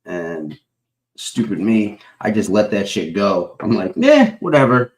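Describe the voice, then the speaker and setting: A man's voice: low voice, slow pace, a little mellow, low-quality recording. Profane, rambling young man streamer. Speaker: streamer chatting with viewers. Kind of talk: casual chat.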